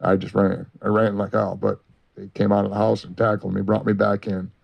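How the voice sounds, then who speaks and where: A man telling a long story as an interview guest, halting and full of "uh" and "you know". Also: fairly low pitch, level tone, creaky, a little mellow. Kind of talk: rambling first-person story. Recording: dull lo-fi recording.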